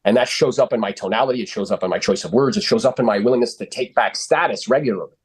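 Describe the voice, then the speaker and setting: A man's voice: mid-range voice, racing, slightly rough. A man coaching real estate agents on sales calls, blunt and confident, swearing freely and using lots of fillers.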